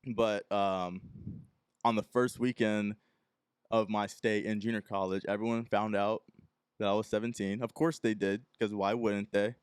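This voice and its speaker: Low, smooth young man telling a story. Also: level tone, unhurried, no room sound, clean studio sound. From Texas. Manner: rambling anecdote, acting out the people he quotes. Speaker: podcast host. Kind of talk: casual solo podcast storytelling.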